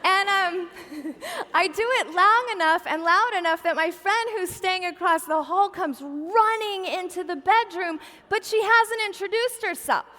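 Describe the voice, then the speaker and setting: A woman in her forties with a high voice tells a funny personal story to a church crowd. Her tone is bright, chatty and self-deprecating. A long reverb from the big auditorium trails each phrase. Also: unhurried. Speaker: guest speaker at a church Christmas event. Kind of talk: humorous personal storytelling message.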